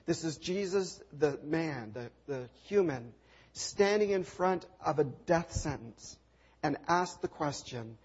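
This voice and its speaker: A man's voice: fairly high pitch, lively intonation, slow pace, darkish tone, slightly rough. A male preacher retelling a scripture story dramatically, with rhetorical questions and repeated refrains. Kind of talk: sermon. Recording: dull lo-fi recording.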